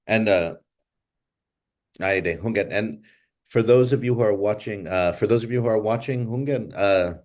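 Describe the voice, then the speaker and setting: A man's voice: fairly low pitch, normal speed, a little mellow. A man hosting a language class over a video call, speaking in a thoughtful, reflective way and moving between Chamoru and English.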